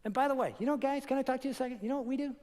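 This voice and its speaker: A man preaching on marriage in a conversational, energetic way that builds into fired-up urging. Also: extremely high pitch, racing, in a large hall. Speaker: pastor teaching on marriage. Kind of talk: sermon.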